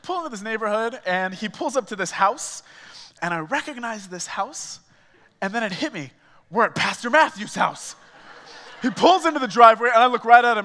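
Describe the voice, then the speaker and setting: A male small groups pastor telling a personal story in a sermon, animated and casual, acting out the dialogue. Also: high voice, moderate pace, long reverb tail. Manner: animated, acts out quoted dialogue, frequent "like" fillers. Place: church auditorium.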